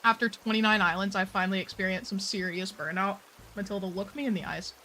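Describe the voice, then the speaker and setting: A woman chatting casually on a live stream while she plays a game, playful and opinionated, full of quick asides. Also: mid-range voice, fairly even intonation, bright, forceful tone, slight background noise.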